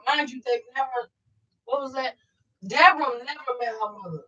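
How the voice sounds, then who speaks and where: Podcast co-host, woman, high voice, blunt and emphatic, swears casually; muffled lo-fi audio. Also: normal speed, pushed and bright. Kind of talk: casual reaction commentary.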